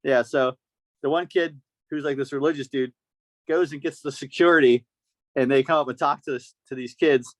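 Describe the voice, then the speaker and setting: A man hosting a podcast, telling a story in a casual, animated way and acting out the voices of the people in it. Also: medium pitch, moderate pace, no room sound. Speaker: podcast host.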